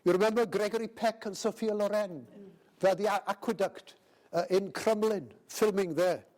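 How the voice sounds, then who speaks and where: A man's voice: high voice, fairly even intonation, moderate pace, darkish tone. Welsh older man giving a speech. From Wales. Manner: anecdotal, hesitant with many fillers, addresses the chairman. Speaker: speaker. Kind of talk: after-dinner speech. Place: festival hall.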